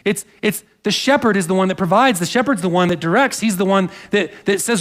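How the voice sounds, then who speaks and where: A man's voice: high voice, fast, few pauses, a bit bright. A man preaching a sermon in a church, earnest and conversational, with asides to the congregation. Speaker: pastor. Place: church sanctuary.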